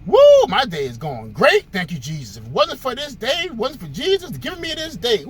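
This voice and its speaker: Casting: a man doing a gushing, overzealous churchwoman, high and swooping, with faint noise behind. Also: wildly swooping pitch, fairly quick, slightly rough, heavily acted.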